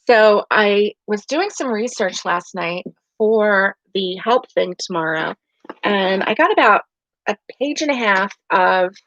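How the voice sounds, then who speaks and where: A woman with a medium-pitched, fairly bright voice hosts a casual livestream from her bedroom, chatting, rambling and laughing often. There's no room sound, and the lo-fi recording comes across dry and dull.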